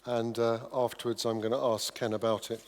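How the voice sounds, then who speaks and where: A man's voice: mid-range voice, flat delivery, brisk. A man hosting a talk, introducing a film clip. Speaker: host. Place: large church hall. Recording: echoey hall from a distance.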